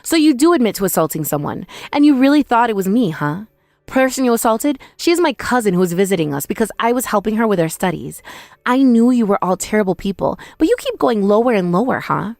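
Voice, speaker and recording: A woman's voice: a little high, sing-song, a little fast, vocal fry, darkish tone, no room sound, studio quality. A young woman telling a first-person dramatized story in an indignant, accusing manner. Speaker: narrator and protagonist.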